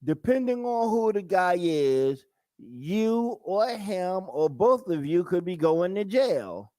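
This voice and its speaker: Man, live show host, casual commentary, fairly high voice, dry sound. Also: sing-song, mellow, dry recording. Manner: conversational, acts out quick quoted voices, repeats himself.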